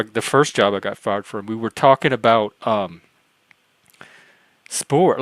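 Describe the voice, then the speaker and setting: A man's voice: medium pitch, fairly bright tone, no echo. A man on a livestream panel telling a personal story in casual talk, earnest and rambling, with frequent restarts and self-corrections. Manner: earnest, acts out quoted dialogue.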